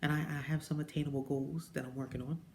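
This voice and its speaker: Talking fast and casually to camera, a jewelry consultant in direct sales shares a personal story for her vlog. She brings it to life by quoting people in a high pitch and sometimes whispering, and there's slight background noise.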